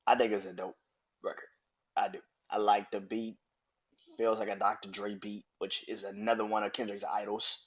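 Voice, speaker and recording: A man hosting a solo podcast, ranting in a profane, animated and emphatic way. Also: fairly low pitch, normal speed, slightly rough, muffled recording. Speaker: podcast host. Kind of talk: opinionated solo podcast rant.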